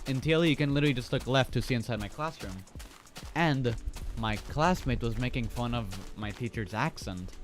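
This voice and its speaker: A man from the Philippines, a streamer, chatting casually and telling a story in a rambling way full of fillers. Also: medium pitch. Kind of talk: casual chat.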